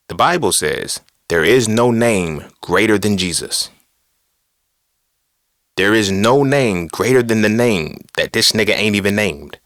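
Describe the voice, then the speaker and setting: Low-voiced blunt preachy man. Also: a bit bright, no echo, studio quality. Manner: blunt, profane, preachy and rhetorical. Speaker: podcast host. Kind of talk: casual monologue on philosophy and religion.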